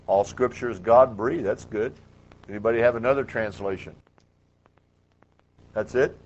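Emphatic Bible teacher, muffled recording. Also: male voice, lowish voice, normal speed, a little mellow. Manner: emphatic, asks the class questions. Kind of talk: classroom Bible lecture.

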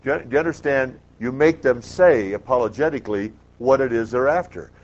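A man's voice: mid-range voice, fairly quick. A man teaching a classroom Bible lecture, emphatic and quizzing the class with questions. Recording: muffled lo-fi classroom recording.

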